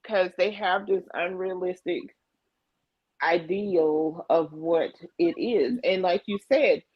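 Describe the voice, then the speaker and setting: A woman's voice: lowish voice, slow pace, slightly rough, no room sound, lo-fi sound. A middle-aged woman co-hosting a livestream in candid conversation, emphatic and repeating phrases to drive her point home. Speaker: livestream co-host. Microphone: video call mic.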